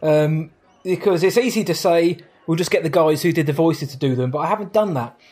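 A man's voice: a little high, fairly quick, a little mellow. A man co-hosting a casual podcast, easygoing and reading out listener questions. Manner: easygoing, laughs along, reads listener questions. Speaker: podcast co-host. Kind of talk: casual chat.

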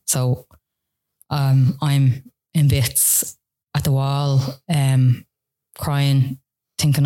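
A woman's voice: very deep voice, little pitch movement, slow pace, mellow. A woman, a guest telling a hard personal story with lots of fillers and restarts. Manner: tearful retelling with many fillers, earnest. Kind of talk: personal story in a podcast interview.

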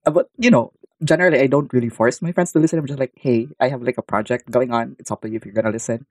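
A man's voice: medium pitch, rapid-fire, no room sound, studio quality. Easygoing man co-hosting a podcast. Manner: easygoing, agreeable, fillers like "yeah". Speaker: podcast co-host. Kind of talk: casual chat.

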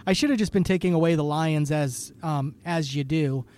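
A man's voice: fairly high pitch, moderate pace, darkish tone. A man from Idaho co-hosting a podcast, chatting casually and joking, with many ums and restarts. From Idaho, USA. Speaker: podcast co-host. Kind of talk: casual chat.

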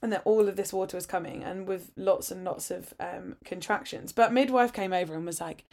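A woman's voice: mid-range voice, lively intonation, a little fast, creaky, hardly any pauses, darkish tone. Chatty woman telling a story. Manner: chatty, laughs often, frank and candid. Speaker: podcast host sharing her birth story. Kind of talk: casual storytelling.

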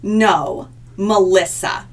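A young adult woman co-hosting a podcast in casual chat, animated and laughing often, jumping into high exclamations. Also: extremely slow. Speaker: podcast co-host.

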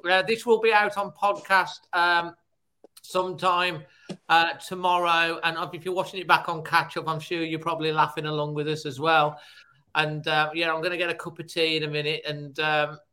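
A man's voice: a little high, little pitch movement, normal speed, sharp tone, rough recording. A man hosting a casual fan podcast over a home video call, chatty and prone to laughing. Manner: laughs helplessly, chatty sign-off. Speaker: podcast host. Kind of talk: casual chat.

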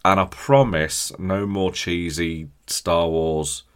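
A man hosting a podcast, hoarse from a chest infection, rambling and ranting jokily in casual chat. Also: low-pitched, steady tone, slow, fairly bright tone. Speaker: podcast host.

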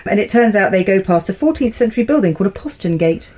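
A woman's voice: mid-range voice, lively intonation, quick pace, a little mellow. A woman co-hosting a podcast, recapping a television episode in casual chat, amused and laughing often. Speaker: podcast co-host.

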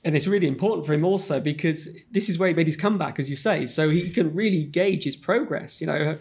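A man's voice: fairly high pitch, fast talker, vocal fry, a little mellow, breathy edge. A man co-hosting a racing podcast, rambling through his points with lots of you-knows and restarts. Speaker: podcast co-host and racing pundit. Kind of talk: casual podcast chat.

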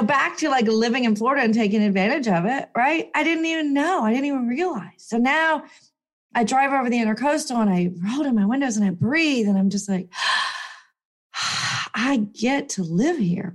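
A young woman telling a personal story in a casual, animated way, full of fillers and acted-out quotes. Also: high voice, normal speed. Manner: animated, chatty, lots of fillers and voiced quotes.

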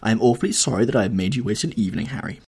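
A man voicing a proud young man who speaks in a hard, bitter, raised voice, with a husky tone. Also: fairly low pitch, rapid-fire, darkish tone.

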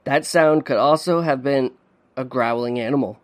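A man hosting a podcast, reading a dark story in measured, suspenseful narration. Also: mid-range voice. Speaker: podcast host.

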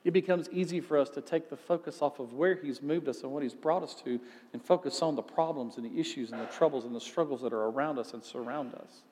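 A man's voice: mid-range voice, quick pace, a little mellow, in a large hall. A male pastor giving a sermon in a conversational way, asking rhetorical questions.

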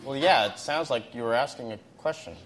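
An actor playing a polite, nervous job applicant in a comedy sketch, hesitant and stammering. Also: male voice, mid-range voice, brisk, a bit bright, natural voice.

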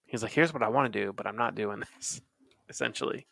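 A man on a casual podcast, rambling and laughing easily. His voice has a gravelly fry with a bright, forward edge. The sound is dry and close. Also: on the low side, brisk, no echo. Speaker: podcast co-host. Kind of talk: casual chat.

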